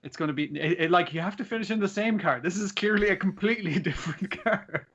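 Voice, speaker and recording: A man, co-hosting a podcast in casual, sweary chat and animated retelling. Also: sits high, fast, lo-fi sound. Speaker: podcast co-host.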